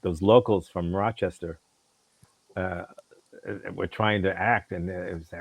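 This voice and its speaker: A man from Brooklyn talks casually on a podcast, winding through stories with plenty of "uh"s and restarts. His voice sits low. The sound is dry and close. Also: fairly even intonation, unhurried, creaky, pauses often, no echo, rough recording. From New York, Brooklyn. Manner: rambling storyteller, many fillers and restarts. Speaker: podcast co-host. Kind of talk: casual chat.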